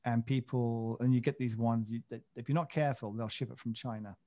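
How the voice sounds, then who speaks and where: A man's voice: medium pitch, steady tone, a little fast, dark tone, dull audio. A man co-hosting a podcast in casual chat, rambling and self-mocking, with many fillers and restarts. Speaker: podcast co-host.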